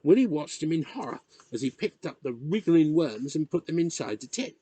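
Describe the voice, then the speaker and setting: A man reading a novel chapter aloud in measured, expressive narration. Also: fairly high pitch, breathy edge, no room sound. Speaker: reader. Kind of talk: audiobook narration.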